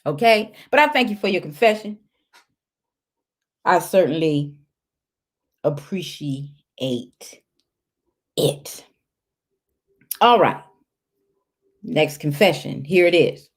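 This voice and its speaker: A sassy woman, a host and life coach, reads listener confessions in a casual chat, talking straight to the listener. Her voice is low and slow, with frequent pauses, and her delivery is animated.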